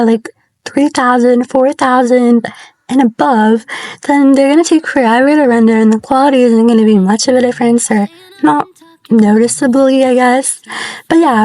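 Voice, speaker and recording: A woman's voice: sits high, a little mellow, rough recording. A woman giving a casual voice-over tutorial, chatty and rambling with apologetic asides, on a basic mic. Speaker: tutorial creator. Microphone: basic mic, not a proper one.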